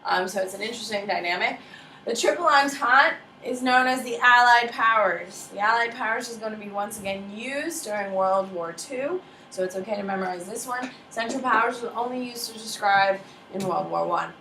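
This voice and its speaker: A woman gives a history lecture in a bright, slightly high voice, joking with the class and quizzing students by name. She is recorded from across an echoey classroom, with faint ambience behind her. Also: moderate pace, far from the mic, slight background noise. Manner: lively, casual, jokey, quizzes students by name. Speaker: history teacher.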